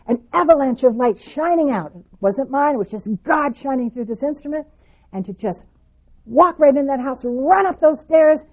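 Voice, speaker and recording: A woman with a slightly high voice tells a spiritual personal story, animated and expressive, using sweeping phrases. The sound is lo-fi.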